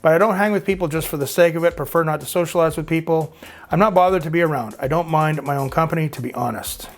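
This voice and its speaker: A man's voice: on the high side, quick pace. A Canadian man in his fifties hosting his own channel, chatting casually and rambling a little as he reads out viewer comments. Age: 50s. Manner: rambling, chatty, frequent filler words. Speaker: YouTube host.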